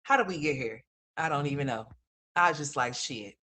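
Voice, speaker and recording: A woman hosting a livestream, reacting to chat in a loud, profane, animated way and calling viewers "y'all" and "honey.". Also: sits low, fairly quick. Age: adult mother. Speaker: livestream host.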